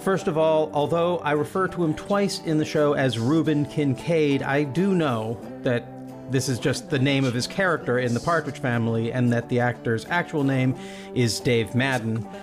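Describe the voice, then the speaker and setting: Wry, measured male podcast host. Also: medium pitch, music in the background. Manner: measured, wry, precise wording. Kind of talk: scripted intro, then casual chat.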